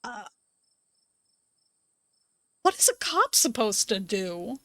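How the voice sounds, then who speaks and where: A woman's voice: fairly high pitch, big pitch swings, slow, fairly bright tone, no echo. A woman streamer playing a story game, reading its text aloud with playful asides. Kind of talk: let's-play narration reading a visual novel aloud.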